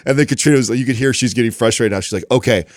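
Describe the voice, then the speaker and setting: A man's voice: mid-range voice, rapid-fire, no echo. A man in his thirties in casual chat, telling a story and laughing often.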